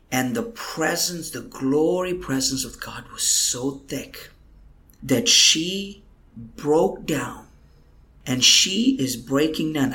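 A man's voice: medium pitch, vocal fry, a bit bright. A man, a guest minister, telling an emotional testimony in a podcast interview, earnest and at times dropping to a whisper. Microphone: computer microphone.

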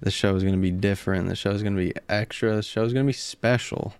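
Man, low voice, dry close sound, casual podcast host, excited. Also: fast talker, clean tone, dry recording. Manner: hyped, talkative. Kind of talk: casual chat.

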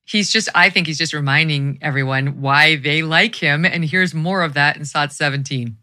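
A woman's voice: low voice, moderate pace, bright, forceful tone. A woman hosting a political talk show, chatty and amused as she introduces clips. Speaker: host.

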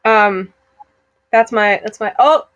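A woman's voice: medium pitch, slow, fairly bright tone, dry recording. A young woman, co-hosting a casual podcast chat, bubbly and giggly. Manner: bubbly, giggly, slips into joke accents. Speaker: podcast co-host.

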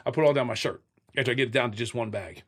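Husky-voiced man telling blunt, profane stories. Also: medium pitch, very fast. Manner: profane, blunt, animated storyteller acting out scenes. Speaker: interview guest. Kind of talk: candid storytelling in a sit-down interview.

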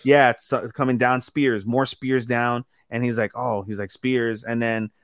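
A man's voice: mid-range voice, unhurried, no echo, studio quality. A man co-hosting a podcast, casually recapping an episode and acting out the characters' lines as he goes. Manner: animated retelling that acts out characters' lines with lots of "he's like". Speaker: podcast co-host.

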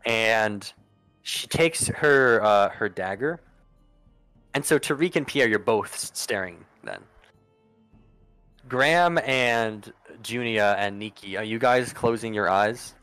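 Low-voiced casual game master man. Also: slow pace, fairly bright tone, clear, resonant tone, no room sound, soft background music, poor audio. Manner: casual, profane, full of ums and uhs. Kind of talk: narrating a tabletop game.

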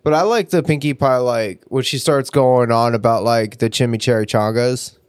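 A man's voice: medium pitch, normal speed, clean tone, no echo. A man co-hosting a podcast in casual chat, mostly giving short agreeing replies with joking asides. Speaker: podcast co-host.

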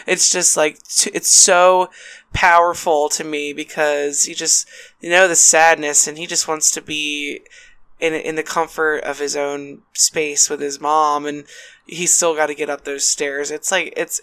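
A woman's voice: sits low, steady tone, unhurried, a bit bright, no echo. A woman co-hosting a podcast, talking about a film in a laid-back way, with casual swearing. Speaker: podcast co-host.

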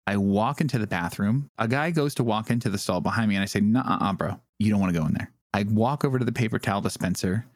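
A man's voice: lowish voice, fast, hardly any pauses, dry recording. A man co-hosting a podcast, telling a story in a casual, profane way, breaking into laughs and acting out what people said. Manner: profane, laughs mid-story, acts out quoted dialogue. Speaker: podcast co-host.

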